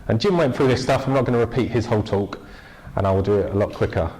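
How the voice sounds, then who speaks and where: A man's voice: lowish voice, fast talker, a little mellow, a little hiss or hum, rough recording. A man preaching an informal, jokey church sermon, chatting with the congregation and asking them questions.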